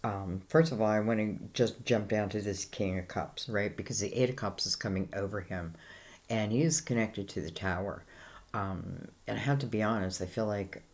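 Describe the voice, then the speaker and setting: A woman's voice: extremely low pitch, moderate pace, a little mellow. An Irish woman giving a casual, rambling tarot reading, full of fillers like "you know" and "I feel like". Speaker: tarot reader.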